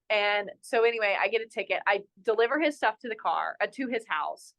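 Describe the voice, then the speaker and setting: Here the North Carolina resort GM talks at a medium pitch and a little fast. As a podcast guest she tells an animated, self-deprecating story packed with "like," in casual interview style.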